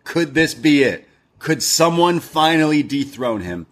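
A man's voice: on the high side, sing-song, unhurried. A man co-hosting a wrestling podcast, chatting casually and upbeat, with loose filler-laden talk. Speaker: podcast co-host. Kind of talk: casual chat.

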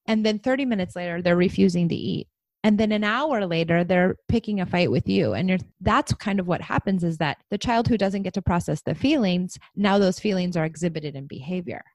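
A woman in her forties chatting casually about parenting, animated and acting out what others say. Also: no room sound. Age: 40s. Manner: animated, acts out quotes with big pitch swings. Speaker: podcast co-host.

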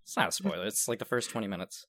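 A man's voice: on the low side, very animated, racing, fairly bright tone, no room sound. A man co-hosting a casual comedy podcast who talks in a laid-back way and swears freely. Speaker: podcast co-host.

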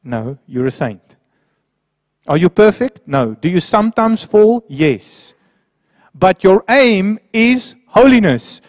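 A man preaching a sermon who swings between quiet, low passages and raised, emphatic ones. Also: no room sound, studio quality.

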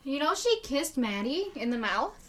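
Bright-voiced young woman telling gossip. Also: high voice, very animated, moderate pace, poor audio. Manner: chatty storyteller, recounting with filler words. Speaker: podcast co-host. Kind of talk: casual chat.

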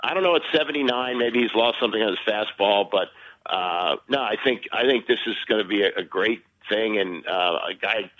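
A man's voice: fairly low pitch, a little fast, dull audio. A male sports broadcaster, a guest, chatting casually and animatedly with frequent chuckles.

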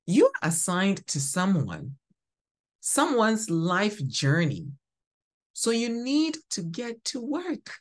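Woman, podcast host, low voice, devotional teaching, emphatic word stress. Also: very animated. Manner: slow, emphatic, preacherly, stresses single words.

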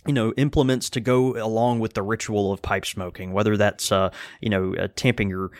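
A man's voice: fairly low pitch, fairly even intonation, fairly quick, no room sound, studio quality. A man co-hosting a podcast in casual chat, easygoing and rambling with many fillers. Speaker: podcast co-host.

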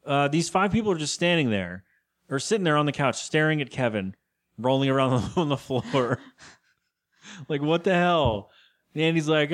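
A young man co-hosts a podcast and rambles through a recap of a TV episode. He keeps breaking into put-on voices for the characters. His pitch swings widely and sits a little high for a man. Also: expressive, normal speed. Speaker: podcast co-host. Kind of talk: casual chat recapping a TV episode.

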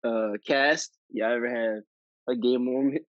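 Man hosting a podcast, lively storytelling. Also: mid-range voice, measured pace, dry recording, muffled recording. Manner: animated storyteller, acts out dialogue. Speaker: podcast host. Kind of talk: casual chat.

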